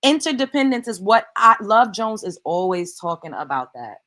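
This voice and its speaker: A woman's voice: mid-range voice, very animated, normal speed, fairly bright tone. Emphatic preachy woman commentator. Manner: preachy, emphatic, swears freely. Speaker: commentary host. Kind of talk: reaction commentary.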